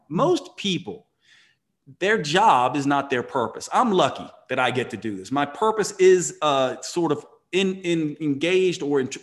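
A man telling a motivational story in conversation, earnest and emphatic, often restarting his sentences. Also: on the high side.

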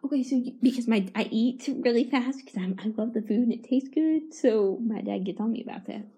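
A rambling woman co-hosting a home video, chatting fast and loud and breaking into giggles. Her voice sits a bit high. She hops between topics at random. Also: background noise. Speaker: co-host of a home video channel. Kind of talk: casual chat.

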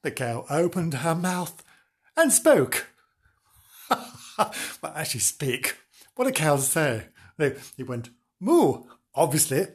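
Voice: medium pitch, big pitch swings, slow, long pauses, slightly rough. A storyteller reading a comic storybook aloud, giggling and breaking off to joke about the story.

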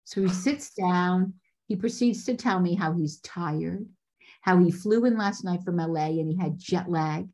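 Woman, casting director, podcast guest, animated storyteller, acts out quotes. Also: fairly low pitch, a little slow.

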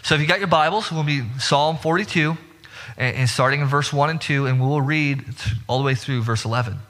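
A man's voice: on the high side, brisk, fairly bright tone. A man preaching a sermon in an earnest way, often repeating words and restarting his sentences. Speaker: pastor. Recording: long hall reverb.

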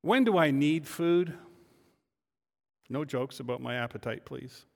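A man, the lead pastor, preaching a sermon, building from quiet reflection to loud emphatic declarations with rhetorical questions. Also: medium pitch, lively intonation, measured pace, creaky, pauses often, in a large hall. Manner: rhetorical questions answered in turn. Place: church sanctuary.

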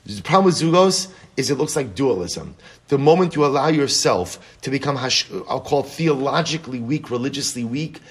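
A man teaching a Talmud class, animated, chanting quotes slowly and restarting his sentences often. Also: mid-range voice, breathy edge. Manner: stammering restarts.

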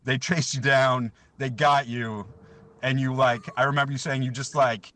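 A man's voice: mid-range voice, fairly even intonation, moderate pace, a bit bright. A young man, a podcast guest, telling a rambling story in casual chat, often laughing.

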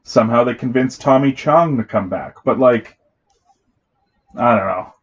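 A man's voice: mid-range voice, a little slow, breathy edge, dull audio. A man co-hosting a podcast in casual chat, rambling and restarting his sentences with lots of fillers. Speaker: podcast co-host.

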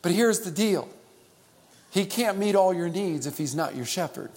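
A male pastor preaching a sermon, calling on the church to repeat after him and swinging between loud and hushed. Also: high-pitched, expressive, moderate pace. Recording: long hall reverb.

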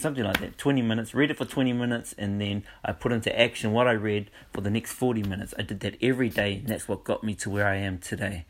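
Lower-voiced New man telling stories. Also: fast, hardly any pauses. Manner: animated storytelling with frequent laughs. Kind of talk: casual monologue.

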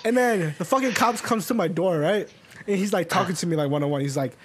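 A man's voice: high-pitched, fast talker, breathy edge. A young man co-hosting a podcast, telling rambling stories in casual chat and swearing a lot. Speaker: podcast co-host.

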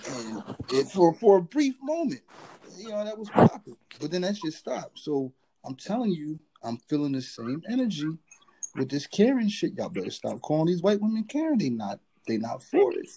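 Animated, profane man, lively pitch. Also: moderate pace, a little hiss or hum, low-quality recording. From US East Coast. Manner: animated, profane, joking, shifts into mocking voices. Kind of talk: casual chat.

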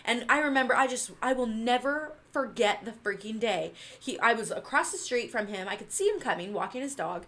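Woman, casual storytelling, animated, loud bursts. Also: a little high, fairly quick, few pauses. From Northern California. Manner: animated, acts out quotes with loud laughing outbursts.

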